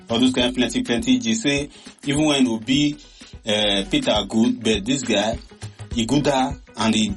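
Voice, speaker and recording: A man talks in a Nigerian Pidgin accent at a middle pitch, hosting an informal commentary show. He is chatty and exclamatory and keeps dropping in fillers. Faint music plays underneath. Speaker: radio or online show host.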